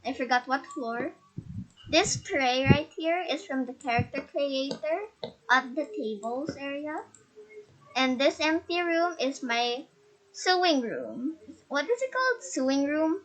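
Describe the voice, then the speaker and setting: A high-pitched woman gives a casual, unhurried tour through a game house. Her shy, nervous delivery is full of stutters and restarts. Her voice comes through a face mask and is picked up by a laptop mic. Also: expressive, a bit bright.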